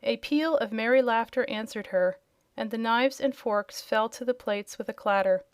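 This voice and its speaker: A woman narrating a storybook in a clear, even read-aloud manner. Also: a little high, normal speed, dry recording. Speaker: audiobook reader.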